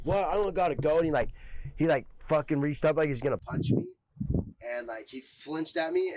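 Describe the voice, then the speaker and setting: A man's voice: on the high side, poor audio. Profane rambling young man storyteller. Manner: profane, rambling, heavy filler words. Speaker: podcast guest. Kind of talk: casual storytelling.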